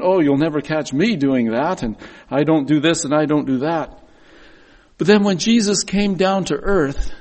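A man's voice: fairly high pitch, darkish tone. A middle-aged man giving a sermon, telling personal stories in an earnest way and often repeating words as he goes. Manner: earnest storytelling with frequent word repeats.

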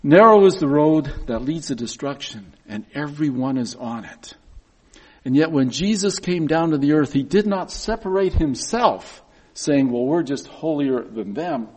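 A middle-aged man delivers a sermon, earnestly telling personal stories and often repeating words as he goes. His husky voice is a little high, expressive, and unhurried.

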